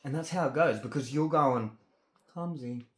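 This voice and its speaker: Agitated Australian man ranting, echoey room. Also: medium pitch. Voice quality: halting speech, stuck on words. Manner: agitated, rambling, swearing. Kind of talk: ranting personal monologue.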